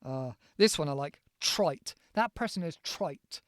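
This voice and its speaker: Relaxed man spelling out words. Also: a little high, a little slow, no room sound, studio quality. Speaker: podcast host teaching English vocabulary. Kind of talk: casual spoken vocabulary lesson. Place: countryside home.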